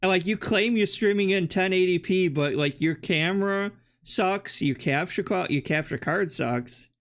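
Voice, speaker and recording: A man with a notably high voice mocks the clip he is reacting to. His sarcastic, combative commentary is laced with swearing. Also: normal speed, fairly bright tone. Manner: mocking, combative, swears a lot. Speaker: reaction channel host.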